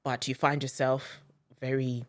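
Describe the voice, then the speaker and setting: Low-voiced woman, emphatic and animated. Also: a little slow. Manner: animated, emphatic, pushes her point. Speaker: podcast guest. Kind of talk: casual debate. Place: podcast studio.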